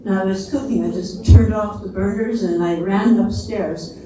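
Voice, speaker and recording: A woman's voice: mid-range voice, fairly even intonation, moderate pace, dark tone, slight background noise. An older woman giving an anecdotal devotional talk, telling her stories conversationally with small chuckles in between. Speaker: speaker at temple festival. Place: large temple hall. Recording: echoey hall, voice from far off.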